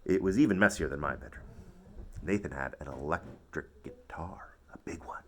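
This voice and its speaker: A man reading a children's story aloud, expressive and playful. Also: rumbling low, moderate pace, slight background noise. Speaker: storybook narrator.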